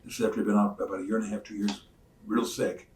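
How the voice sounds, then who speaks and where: A man's voice: lowish voice, racing. An older man, a retired wrestler, telling stories casually in an interview and acting out what others said. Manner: animated storyteller who acts out other people's lines. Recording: roomy sound from a distant mic.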